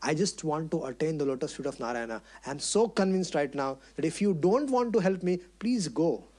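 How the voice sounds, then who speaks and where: A male preacher plays a small, fiercely determined boy in a devotional story. The voice sits high, eager and earnest, pleading and insisting by turns. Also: expressive, normal speed, a little mellow. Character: five-year-old boy, determined devotee.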